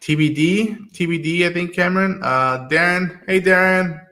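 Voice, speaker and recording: A man's voice: high voice, normal speed, bright, forceful tone. A man hosting a casual review chat, talking chattily with lots of "like" and acted-out quotes. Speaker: podcast host.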